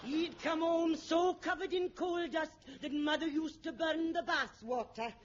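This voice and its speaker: A wide-eyed young Welsh girl desperate for stardom chatters away in a high, sing-song voice. The vintage radio sketch sounds dull and muffled, with a steady hiss underneath. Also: unhurried. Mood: earnest. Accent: Welsh, put on. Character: eager young Welsh girl who wants to be a film star. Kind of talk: 1960s radio comedy acting.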